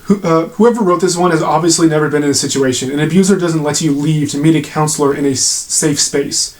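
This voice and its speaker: Man, fairly high voice, sarcastic video rant, blunt and profane. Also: fast talker. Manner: sarcastic, blunt, swears freely. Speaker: video commentator. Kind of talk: ranting commentary to camera.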